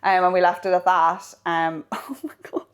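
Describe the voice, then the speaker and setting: A woman co-hosting a casual podcast, telling a story in an animated way, acting out quoted lines and swearing casually. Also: lowish voice, moderate pace, clean tone. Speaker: podcast co-host.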